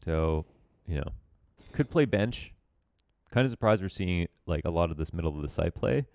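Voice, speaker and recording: Low gravelly guy doing a chill game review, dark mellow tone, rambly and self-deprecating. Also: expressive, normal speed. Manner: loose, chatty, self-deprecating with filler words. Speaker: esports coach reviewing a match demo. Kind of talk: casual game analysis commentary.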